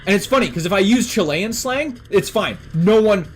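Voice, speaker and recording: A man's voice: high voice, expressive, moderate pace, slight background noise. A young man from Canada chatting casually on a stream, rambling with lots of fillers and swearing. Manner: rambling, filler-heavy and profane. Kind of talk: casual chat.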